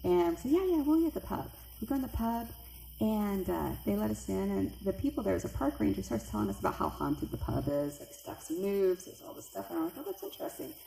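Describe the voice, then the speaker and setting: Animated woman telling a spooky story. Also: a little fast, gravelly, a little hiss or hum. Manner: animated, acts out quoted voices with big pitch jumps. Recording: echoey room with faint ambience.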